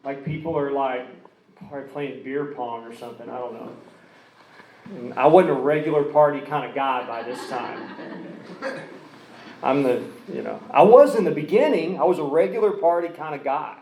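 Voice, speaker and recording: A man talks through his own recovery story in a loose, rambling way, circling back and restarting his sentences. His voice sits at an ordinary middle pitch. The recording has a noticeably roomy sound with a faint hum of background noise. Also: normal speed, a little mellow. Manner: rambling, with many restarts and asides. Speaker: recovery speaker.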